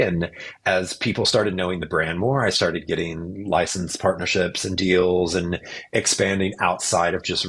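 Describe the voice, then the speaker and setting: A middle-aged man with a low, husky voice, a guest on a podcast. He tells his story in a relaxed, animated way and slips into the voices of the people he quotes. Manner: animated storyteller who acts out what others said. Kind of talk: casual storytelling interview.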